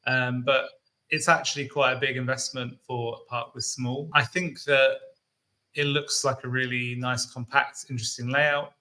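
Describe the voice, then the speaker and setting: A man's voice: medium pitch, normal speed, rough recording. A man from the UK co-hosting a podcast, talking casually with frequent ums. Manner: relaxed, hesitant with fillers. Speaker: co-host. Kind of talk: casual enthusiast chat.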